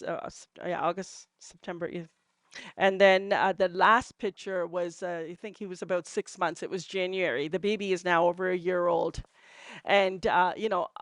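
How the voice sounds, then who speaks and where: A woman's voice: fairly low pitch, steady tone, moderate pace, dry recording, clean studio sound. Chatty woman telling stories. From Canada. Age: middle-aged. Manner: chatty, many fillers, laughs at herself. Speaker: entrepreneur sharing testimonials. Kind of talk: casual storytelling to a group.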